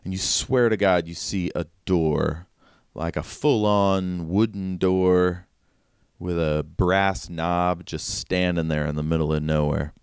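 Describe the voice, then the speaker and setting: Low-voiced, smooth male game master. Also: steady tone, slow pace, no room sound, studio quality. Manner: loose, chatty, full of "like" and laughs. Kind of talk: narrating a tabletop game.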